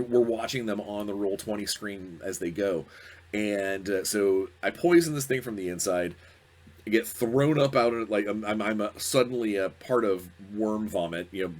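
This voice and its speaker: A man hosting a podcast, casually telling a story and acting out the people in it, with many fillers and restarts. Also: fairly low pitch. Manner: animated, acts out quoted players with fillers and restarts. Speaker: podcast host.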